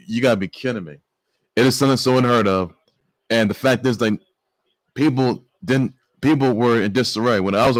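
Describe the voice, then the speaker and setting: A man hosting a sports news show, talking excitedly and stammering through restarts and exclamations. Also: fairly low pitch, dry recording. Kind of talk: casual sports news commentary.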